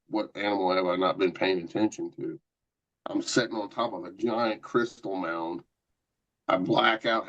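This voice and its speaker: Middle-aged guy rambling thru a story, lowish voice, dull lo-fi sound. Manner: rambling, animated anecdotes with many quoted asides. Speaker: guest, paranormal investigator. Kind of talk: casual storytelling. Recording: dull lo-fi podcast audio.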